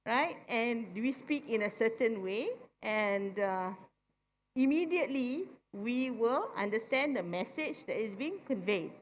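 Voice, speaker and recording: A woman's voice: on the high side, expressive. A middle-aged woman with a Malaysian English accent gives a public talk to an audience, often asking "right?" to check that they follow. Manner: keeps asking "right?" for agreement, explains slowly and plainly. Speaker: forum speaker. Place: convention centre hall. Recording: long hall reverb from a convention centre.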